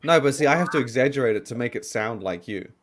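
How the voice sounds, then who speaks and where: A man's voice: medium pitch, animated, quick pace. A man on a podcast panel chatting casually, swearing freely and acting out quoted voices. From Australia or New Zealand.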